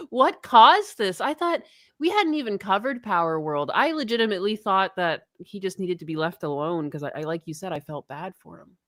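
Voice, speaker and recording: Bright, giggly woman on a stream. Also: mid-range voice, expressive, no room sound, studio quality. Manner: giggly, quick reactions. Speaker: stream co-host. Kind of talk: casual stream chat.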